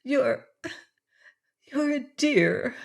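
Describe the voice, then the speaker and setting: A woman's voice: mid-range voice, lively intonation, slow, darkish tone. A woman voicing a shy, devoted young secretary in an audiobook, earnest and stammering when flustered. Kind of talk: audiobook character reading.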